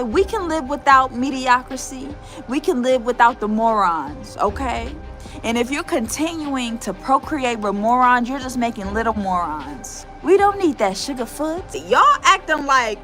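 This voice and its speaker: A woman delivers a preachy, scornful social media lecture, hitting her points hard. Her tone is bright and high, and her pitch swings all over. Soft music sits underneath.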